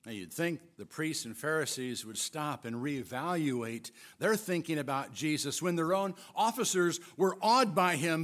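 A man preaching a sermon, retelling scripture with expressive, emphatic storytelling. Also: on the high side, normal speed, few pauses. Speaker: pastor.

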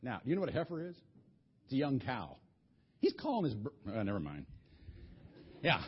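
Casting: a husky, folksy preacher telling a Bible story, dull lo-fi recording. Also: male voice, medium pitch, huge pitch swings, brisk, long pauses. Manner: folksy, colloquial, lots of restarts. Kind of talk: animated Bible storytelling sermon.

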